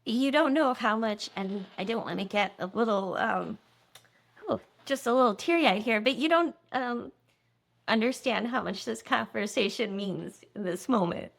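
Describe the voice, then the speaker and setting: A woman's voice: fairly high pitch, normal speed, creaky. A woman hosting an interview podcast, listening and responding in short affirmations. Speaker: podcast host. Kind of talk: interview conversation.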